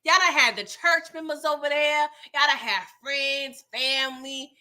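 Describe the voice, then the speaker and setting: Speaking at a measured pace, this woman has a high-sitting voice with a sharp tone. She reviews a TV episode in a casual, chatty recap, sounding exasperated, laughing at scenes and saying hello to her viewers by name.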